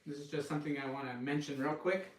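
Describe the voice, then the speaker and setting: A cooking channel host from the western United States chats casually on a live cooking stream, rambling off topic with his viewers. His voice is a little high with a steady tone and a fast pace, in a rough recording from an echoey room with a little hiss or hum.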